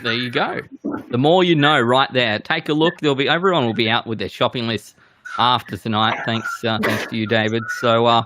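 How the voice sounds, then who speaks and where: A man's voice: medium pitch, fairly even intonation, brisk, background noise. A man hosting a casual whisky game show, loose and self-deprecating.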